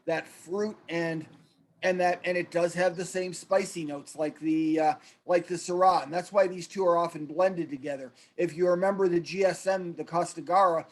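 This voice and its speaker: Man, high-pitched, casual wine presenter on a video call who restarts his sentences a lot. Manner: explanatory, with frequent restarts.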